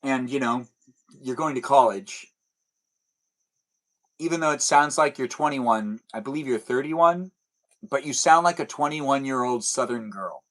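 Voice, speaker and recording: A man's voice: medium pitch, measured pace, long pauses, fairly bright tone. A young man hosting a casual live stream at home, rambling as he answers chat messages aloud. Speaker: livestream host. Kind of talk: casual livestream chat reading comments. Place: indoors at home with TV on behind.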